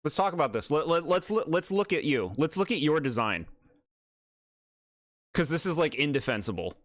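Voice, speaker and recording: Streaming a game, this man talks casually in a fairly bright, higher voice that swings widely in pitch at a moderate pace. He comes across exasperated and sarcastic, laughing frequently, and the recording is dry and clean like a studio.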